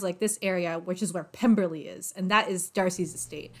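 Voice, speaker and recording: A young woman in casual chat, retelling a novel's plot with lots of fillers and quick voiced asides for the characters. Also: fairly low pitch, steady tone. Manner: chatty, filler-heavy, acts out characters' lines.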